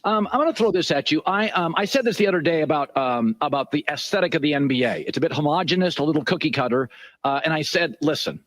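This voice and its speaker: High, lively male sports host. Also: quick pace. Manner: opinionated and rambling, many fillers. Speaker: sports talk show host. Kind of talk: broadcast interview question.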